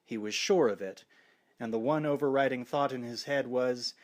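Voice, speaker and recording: A man narrating a horror novel audiobook in a wry, expressive way. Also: mid-range voice, normal speed.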